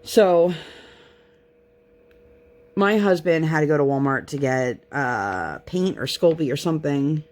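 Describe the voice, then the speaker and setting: A woman's voice: low voice, animated, slow pace, long pauses, darkish tone. A young woman chatting casually on her crafting vlog, rambling and self-deprecating as she talks close to the mic. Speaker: crafting vlogger. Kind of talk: casual chat while crafting.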